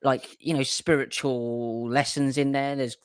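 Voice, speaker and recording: A man's voice: medium pitch, flat delivery, unhurried, clean tone, no echo, studio quality. A man co-hosting a podcast in casual, emphatic chat who swears freely. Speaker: podcast co-host.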